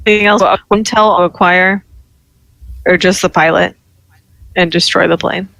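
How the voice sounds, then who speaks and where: A man's voice: high voice, steady tone, normal speed, gravelly, pushed and bright. A man playing a tabletop game who asks eager questions. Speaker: player. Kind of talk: casual tabletop play.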